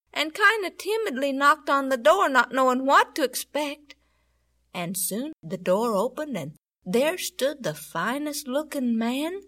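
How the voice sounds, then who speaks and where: A woman narrates a children's story in a high, lively voice. She lets her pitch rise and fall widely. Her telling is slow, tender and dramatic.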